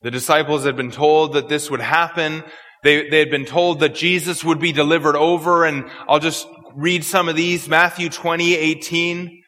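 A man's voice: fairly high pitch, fairly even intonation, moderate pace, pushed and bright. A man preaching an expository sermon, earnest and prone to repeating words as he searches for phrasing. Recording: long hall reverb.

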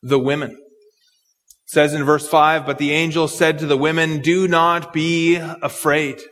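A man's voice: on the high side, little pitch movement, a little slow, a bit bright, in a large hall, faint music behind. A man preaching an expository sermon, earnest and thinking aloud, repeating words as he works through a passage. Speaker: pastor.

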